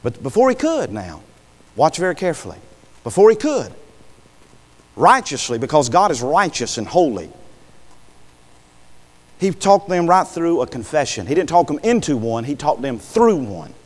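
A man preaches in a folksy manner, peppering his sermon with "Amen" and questions put to the congregation. His voice sits a little high for a man, and a long reverb from a large hall trails behind every phrase. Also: big pitch swings, moderate pace, long pauses.

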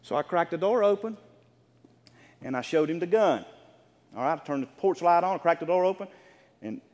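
A middle-aged male pastor preaches in a high, lively voice that swoops up and down as he tells his story. His delivery is animated, climbing into full shouts. The sound carries a long reverb, as in a large church hall. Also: moderate pace, lo-fi sound. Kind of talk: sermon. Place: church sanctuary.

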